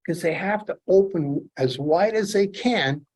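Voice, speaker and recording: A middle-aged man from Canada telling lively fishing stories while demonstrating fly tying to a club audience. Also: sits high, measured pace, breathy edge. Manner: animated storyteller, acts out his own excitement. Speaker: fly tier, presenter.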